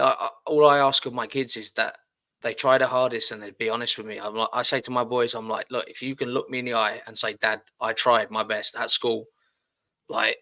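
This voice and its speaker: A man's voice: medium pitch, pushed and bright. A middle-aged man hosting a casual podcast, blunt and swearing freely, often repeating his words. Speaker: podcast host.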